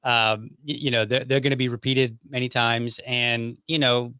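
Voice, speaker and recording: A man hosting a podcast, talking in a relaxed, chatty way and leaning on filler phrases. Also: mid-range voice, normal speed, clean tone, no echo, studio quality. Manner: relaxed, chatty, many "you know" fillers. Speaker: podcast host. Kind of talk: casual conversation.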